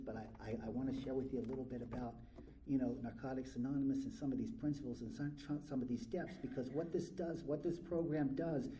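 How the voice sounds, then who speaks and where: In a convention meeting room, a middle-aged man from California recounts his story to a live crowd at a recovery meeting, frank, blunt and profane. His voice is medium-pitched with a dark tone, and the rough recording carries a little hiss or hum.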